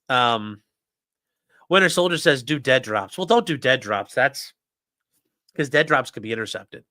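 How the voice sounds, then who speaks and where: A man's voice: a little high, sharp tone, no echo, clean studio sound. A man hosting a casual livestream, ranting sarcastically and with profanity while reading out and mocking legal filings. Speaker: host.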